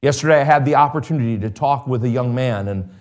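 A man's voice: mid-range voice, fast. A middle-aged man preaching a sermon in a conversational way, with sarcastic asides and emphatic rises.

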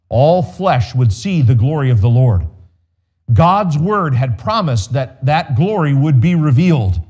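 Pastor, male: mellow, darker tone, earnest measured sermon delivery, speaks straight to the congregation. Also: mid-range voice, breathy edge. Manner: earnest, measured preaching with direct appeals to listeners. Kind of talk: expository sermon.

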